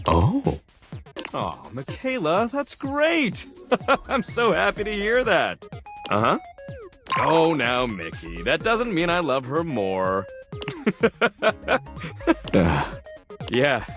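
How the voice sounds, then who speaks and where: A warm shopkeeper dad. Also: male voice, sits high, wildly swooping pitch, slow, soft background music, heavily acted. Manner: warm, affectionate. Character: warm male shopkeeper and father.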